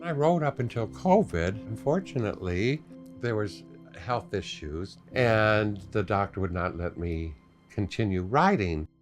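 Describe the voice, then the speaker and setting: An older man telling stories in a documentary interview, playful and animated, acting out his own past thoughts. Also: fairly low pitch, measured pace, faint music behind. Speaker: longtime charity ride participant.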